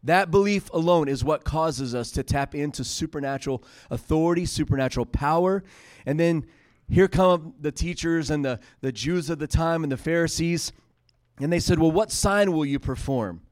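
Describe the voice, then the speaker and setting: A man's voice: on the high side, moderate pace, a little mellow, no room sound. A man preaching a sermon, retelling scripture in casual paraphrase and building to emphatic peaks.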